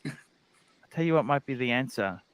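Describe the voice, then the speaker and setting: A man's voice: medium pitch, lively intonation, brisk, smooth. A man, hosting a livestream, in a profane, berating comic rant. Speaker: livestream host.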